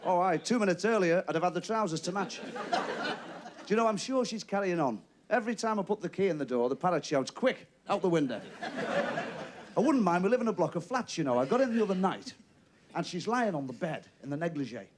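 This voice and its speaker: A man's voice: high-pitched, background noise. A man with a Liverpool accent doing a stand-up comedy routine, telling jokes and voicing characters in a TV studio. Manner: quick joke-telling with lively voiced characters. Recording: TV studio with audience laughter.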